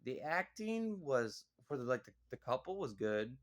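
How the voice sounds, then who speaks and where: A man's voice: mid-range voice, big pitch swings, moderate pace. A man giving a casual spoken movie review, rambling and filling his sentences with "like" and "you know.".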